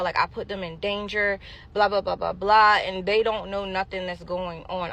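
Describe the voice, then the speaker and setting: A woman's voice: fairly low pitch, creaky, fairly bright tone, a little hiss or hum. A woman telling her own story in a casual storytime monologue, emphatic and talking straight to her viewers.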